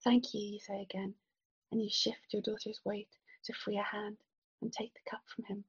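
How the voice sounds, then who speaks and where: A woman narrating a literary story in the second person, soft and measured, at times dropping to a whisper. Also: medium pitch, little pitch movement, breathy edge, lo-fi sound. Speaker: audiobook narrator.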